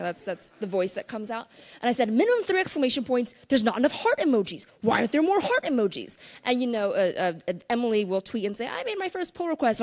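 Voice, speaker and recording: Lively, animated woman giving a keynote. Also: sits high, vocal fry. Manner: animated storytelling with playful asides. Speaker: conference speaker. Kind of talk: conference keynote talk. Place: conference stage.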